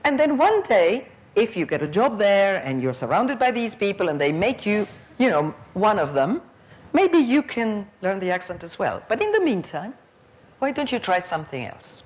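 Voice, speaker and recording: A woman's voice: mid-range voice, very animated, moderate pace, a little mellow, natural voice. A woman voicing a young, nervous female trainee teacher, who talks to a pupil in a coaxing, encouraging way.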